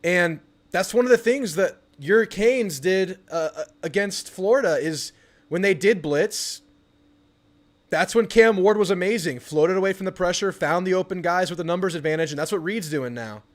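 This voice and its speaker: A young man with a fairly high voice hosts a live football watch party, talking casually through the game. He flips from relaxed chatter to excited yelling at the screen when his team makes a play. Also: normal speed. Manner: excitable, yells at the TV during big plays. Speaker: sports channel host.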